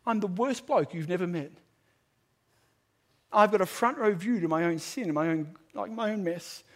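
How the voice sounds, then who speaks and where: A high-pitched man preaching with fervor. He swings from ringing, emphatic declarations down to a quiet, pleading call, speaking to a crowded room. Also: moderate pace. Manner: emphatic, swings from loud proclamation to hushed appeal. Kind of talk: evangelistic sermon. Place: large room with a live audience.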